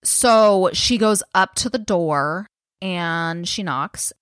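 A woman's voice: on the low side, slow, a bit bright, clear, resonant tone, no room sound, clean studio sound. A woman co-hosting a podcast, casually retelling a true-crime case in a chatty, filler-heavy way and swearing freely. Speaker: podcast co-host.

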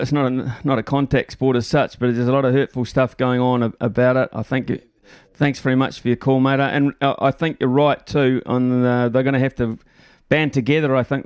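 A man hosting a talkback radio show, chatting with callers in a relaxed way with many fillers. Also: mid-range voice, clean tone, dry recording.

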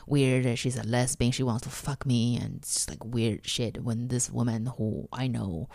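A woman from China, whose first language is Mandarin, tells her own story bluntly and haltingly, acting out the people she quotes. Her voice is low, gravelly and mellow, set close and dry with no room sound. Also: fairly even intonation, no room sound. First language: Mandarin Chinese. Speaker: guest comedian. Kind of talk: candid personal storytelling.

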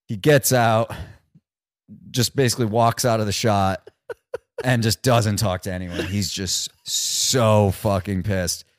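Low-voiced laid-back man, dry sound. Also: steady tone, slow pace, dry recording. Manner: laid-back, rambling storyteller. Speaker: podcast co-host. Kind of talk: casual chat.

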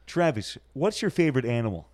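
A man's voice: medium pitch, big pitch swings, fairly quick, a little mellow, dry recording. A man hosting a casual chat, asking playful, teasing questions. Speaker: host.

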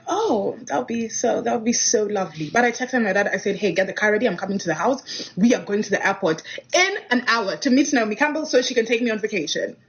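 A young woman with a fairly high voice tells a story casually and acts out each line of dialogue with lively energy. The sound is dull and lo-fi. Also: slight background noise. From Kenya. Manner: animated, acts out quoted dialogue. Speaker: guest telling a personal story. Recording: dull lo-fi recording.

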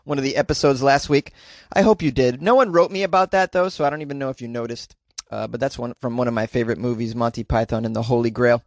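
A man's voice: mid-range voice, no echo, studio quality. A man hosting a comedic news podcast, rambling and joking, laughing at his own jokes. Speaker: podcast host.

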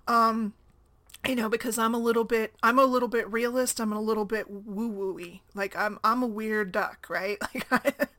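A woman in her thirties talks in a loose, personal way, with a voice sitting a little higher than most. She is chatty and laughs easily, checking in with the listener by asking "right?" again and again. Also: fairly bright tone. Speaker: single mom blogger. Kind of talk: casual personal talk.

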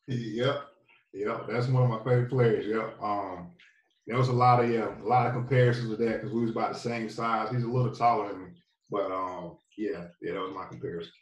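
A fairly low, fairly even voice moves briskly over dull audio. The speaker, a North Carolina pro football player appearing as a guest, tells his story casually and rambles with plenty of fillers, recorded in a roomy space at a distance from the mic.

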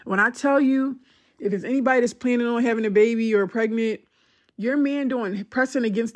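A woman's voice: fairly high pitch, moderate pace. A young woman hosting a podcast, telling a personal story in a conversational, emotional way with many "like"s. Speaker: podcast host.

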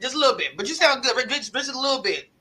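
A man hosting a live online panel, warmly and energetically introducing each guest in turn. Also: very high voice, very animated, quick pace, slight background noise. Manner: hyped, affectionate, introduces guests. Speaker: host.

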